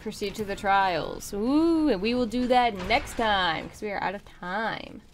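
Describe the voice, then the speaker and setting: A woman's voice: mid-range voice, a little slow, faint music behind. A young woman streaming a game, chatting casually and bubbly while tired and hiccuping, sometimes mumbling to herself. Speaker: livestreamer. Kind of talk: casual live stream chat.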